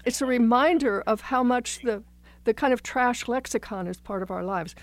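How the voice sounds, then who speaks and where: A woman's voice: a little high, moderate pace. A woman philosophy professor, a guest on a radio talk show, explaining ideas in a reflective, wry, digressive way. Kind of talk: thoughtful conversational explanation.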